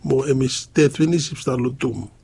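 A man preaching a sermon, halting and pausing often. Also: mid-range voice, vocal fry, mellow, breathy edge. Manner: halting, with many pauses and fillers.

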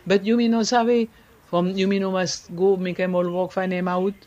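A man, talking casually in an interview. He slips French words into his speech and pauses often to search for words. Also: high-pitched, level tone, a little mellow, dull audio. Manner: searching for words, many fillers. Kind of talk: casual conversation.

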